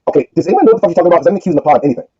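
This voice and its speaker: A man's voice: high voice, animated, rapid-fire, mellow, breathy edge, lo-fi sound. A man hosting a heated livestream argument, talking in a profane, rambling, defensive way. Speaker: livestream host.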